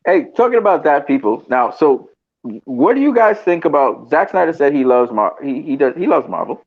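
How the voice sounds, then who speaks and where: A man hosting a casual video chat, excitable and quick to exclaim. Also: on the high side, gravelly. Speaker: host. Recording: dull lo-fi call audio.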